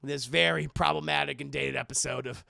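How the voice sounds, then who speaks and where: Young guy streamer, high gravelly voice, swears a lot, dry close mic. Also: a little fast, no echo. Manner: profane, animated, repetitive. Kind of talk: live-stream episode recap.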